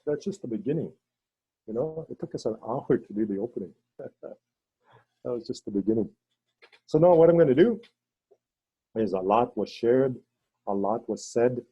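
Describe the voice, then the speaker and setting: A man leading a ceremony, telling stories in a halting way with many fillers and restarts, over a video call. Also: dark tone, breathy edge, no echo, lo-fi sound. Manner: halting, with many fillers and restarts, voices quoted people in a higher pitch. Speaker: ceremony leader and storyteller. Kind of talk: storytelling talk on a video call.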